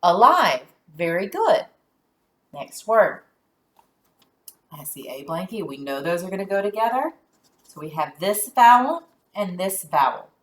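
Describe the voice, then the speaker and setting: A woman teacher giving a phonics lesson to young children, sounding out letters and syllables deliberately and praising answers. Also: on the low side, sing-song.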